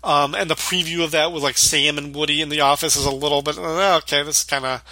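A man's voice: fairly high pitch, fairly even intonation, fast talker, pushed and bright, no room sound. A man hosting a podcast, chatting casually about a sitcom episode in a rambling way, full of "like" and acted-out quotes. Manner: rambling, heavy use of "like", acts out quotes. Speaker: podcast host.

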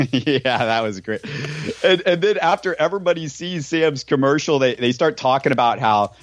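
A man's voice: mid-range voice, expressive, moderate pace, dry recording. A man co-hosting a podcast from home, chatting casually about a sitcom episode and adding trivia with chuckles. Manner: conversational, adds trivia, chuckles. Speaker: podcast co-host. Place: home in Houston.

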